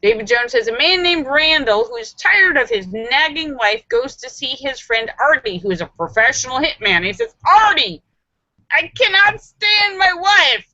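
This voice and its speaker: A woman hosting a live stream, reading viewers' jokes aloud and acting out the voices with giggly, animated delivery. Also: high voice, moderate pace, few pauses, no echo, lo-fi sound. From Los Angeles area.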